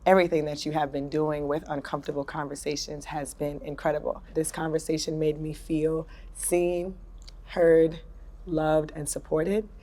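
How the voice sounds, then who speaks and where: Low-voiced emphatic woman guest. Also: level tone, moderate pace, dark tone. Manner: emphatic, heartfelt. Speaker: panel guest. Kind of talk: panel discussion.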